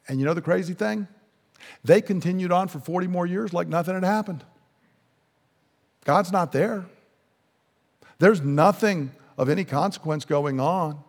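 A man's voice: high voice, moderate pace, pauses often. Emphatic preacher man in a reverberant hall. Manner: emphatic, asks the listeners questions. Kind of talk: sermon.

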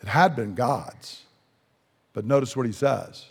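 A man's voice: mid-range voice, animated, measured pace, slightly rough. A man preaching a sermon in an emphatic way, often putting questions to his listeners. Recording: long hall reverb.

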